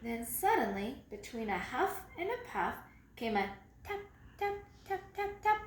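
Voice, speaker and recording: Woman storyteller, children's book read-aloud: slow, highly expressive, echoey room. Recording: echoey room, faint background noise.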